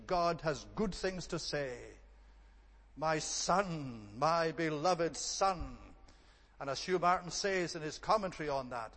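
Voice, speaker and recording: A man with a fairly high voice preaches a sermon in earnest, emphatic tones, stacking repeated phrases to drive his points home. His voice rings out with a long reverb from the hall around him. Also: a bit bright.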